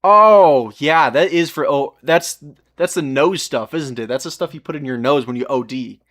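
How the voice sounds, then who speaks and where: A man's voice: on the high side, moderate pace, fairly bright tone. A young man live-streaming as he solders at a workbench, chatting casually with his viewers, rambling, swearing and laughing at himself, often turning away from the mic while he works. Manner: talks to chat while working, often turned away from the mic. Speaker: livestreamer.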